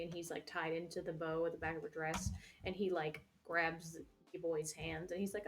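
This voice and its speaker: A woman's voice: low-pitched, flat delivery, a little fast, faint music behind. A young woman hosting a livestream, chatting casually while she works, rambling with lots of fillers and frequent swearing. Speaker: livestream host. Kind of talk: casual chat while crafting.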